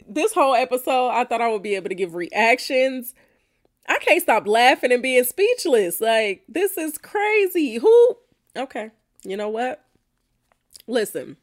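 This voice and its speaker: A woman hosting a podcast, reacting bluntly and profanely to listener answers, often laughing. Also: on the high side. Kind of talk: casual reaction chat.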